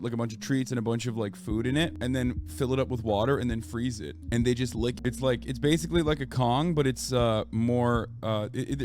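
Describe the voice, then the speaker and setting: A man in his early thirties, sick and stuffy, chats casually to his stream audience, rambling, cursing freely, restarting and trailing off. His voice is mid-range and a little mellow.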